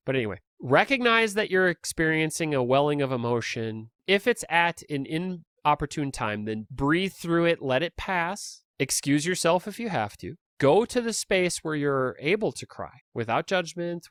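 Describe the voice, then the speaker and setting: A man hosting a solo podcast, talking in a relaxed, rambling way with self-deprecating chuckles. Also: fairly high pitch, clear, resonant tone, dry recording, studio quality. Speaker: podcast host. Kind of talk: casual solo monologue.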